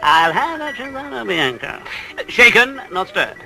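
A pompous, showy English gent. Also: male voice, very high voice, big pitch swings, measured pace, creaky, full character voice, low-quality recording. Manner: affected, showy, sprinkles foreign words. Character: suave, pompous middle-aged Englishman, fussy about drinks. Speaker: actor in a television advert. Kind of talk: 1980s TV advert comedy acting.

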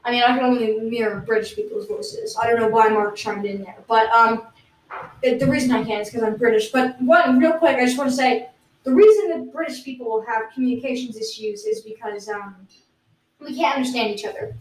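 A woman playing a self-proclaimed British guest who does not sound British. She rambles in deadpan nonsense on an improvised comedy podcast. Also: a little high, a little fast, natural voice. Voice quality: plain American-sounding voice. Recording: roomy, distant mic.

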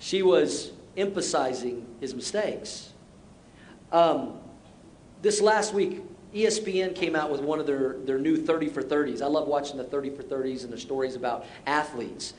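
A man's voice: normal speed, a little mellow. A middle-aged man preaching a sermon as pastor, conversational and self-deprecating, with short repeated exhortations. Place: church sanctuary. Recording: roomy church sound with faint rumble.

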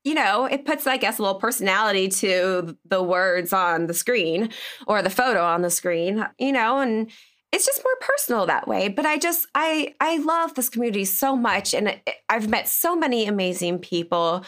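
A woman's voice: mid-range voice, animated, moderate pace, fairly bright tone. A woman co-hosting a casual chat, effusive and laughing, fighting back tears as she thanks her community. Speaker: community founder and co-host.

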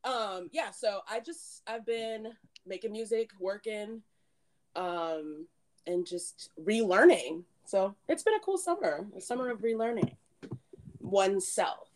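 A woman's voice: medium pitch, lively intonation, a little slow, darkish tone. A woman in her late twenties co-hosting a podcast, chatting casually with friends and filling her talk with "like" and "um". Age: 20s. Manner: chatty, giggly, lots of "like" and "um". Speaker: podcast co-host. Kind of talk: casual chat.

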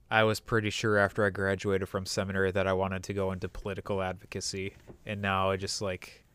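A young man chats casually on a podcast in a low, somewhat bright voice. He's thoughtful and measured, pausing as he searches for words.

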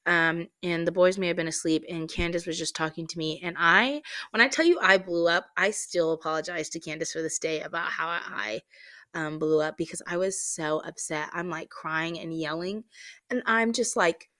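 A young adult woman hosting a faith-themed podcast, telling a personal story in a candid, animated way with many fillers. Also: lowish voice, moderate pace, no echo. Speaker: podcast host.

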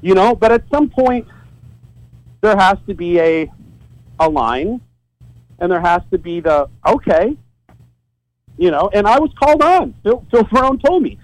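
A man with a high voice tells a story on a podcast, and his pitch swings up and down as he gets worked up. He swears freely and laughs now and then. The sound is dry and close, with no room echo. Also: moderate pace. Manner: profane, animated storytelling with laughs. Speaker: guest, site owner. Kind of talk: casual podcast interview. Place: his home office.

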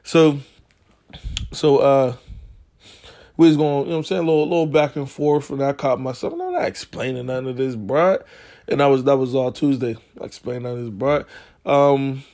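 Man, casual podcast rant, profane, slangy, middle pitch. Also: lively intonation, normal speed. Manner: slangy, profane, gets heated and loud when retelling arguments. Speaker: podcast host.

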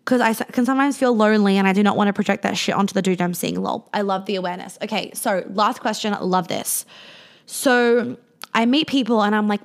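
A woman's voice: medium pitch, normal speed. A woman hosting a live question-and-answer stream, giving blunt, casual advice with plenty of swearing and fillers, acting out sample replies. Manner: acts out quoted replies in a lighter voice. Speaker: host answering viewer questions on a livestream.

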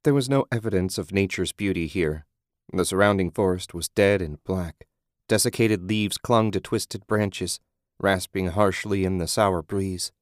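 Low-voiced man narrating grim horror. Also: dry recording, studio quality. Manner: measured, grim, descriptive. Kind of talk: scripted horror audiobook narration.

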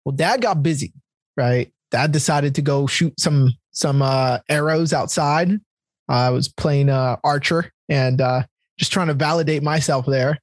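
A man with a slightly high, husky voice talks earnestly in a relaxed conversation. He is open and confessional and keeps calling the listener "bro." The sound is dry and close, with no room around it. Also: moderate pace, no echo. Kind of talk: casual heartfelt conversation.

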